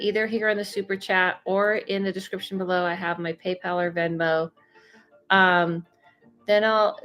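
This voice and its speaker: A woman's voice: medium pitch, fairly bright tone. A woman hosting a casual livestream as a psychic medium, chatting and reading viewer comments with lots of fillers and laughs, a little stuffy from allergies. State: slightly congested from allergies. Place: home, Los Angeles. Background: faint music.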